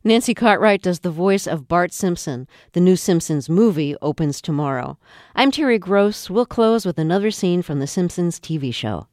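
A woman hosting a radio interview, asking measured questions with some hesitation. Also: on the low side, lively intonation, a little mellow, no echo, clean studio sound. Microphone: studio microphone.

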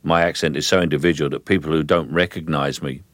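A man's voice: rumbling low, fairly even intonation, quick pace, a bit bright, no echo. An older man with a London Cockney accent, an actor guest in a radio interview, telling stories in a rambling, hesitant way and breaking off to demonstrate voices. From England.

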